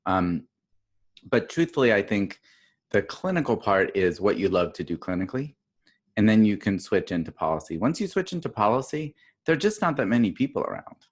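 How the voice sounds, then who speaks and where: A middle-aged man with a notably low, deep voice speaks over a video call microphone. He talks in a loose, chatty way, drifting into anecdotes and restarting his sentences as he goes. The tone is an informal conference talk given by a doctor. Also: very animated, fairly quick, breathy edge. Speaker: public health dean and pediatrician. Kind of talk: casual virtual conference talk.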